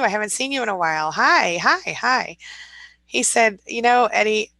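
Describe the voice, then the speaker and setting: A woman's voice: mid-range voice, expressive, a little slow, gravelly, sharp tone, no room sound, rough recording. Upbeat woman reading live comments. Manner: upbeat, laughs often, reads comments aloud. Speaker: livestream host reading viewer comments. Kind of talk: casual morning live chat.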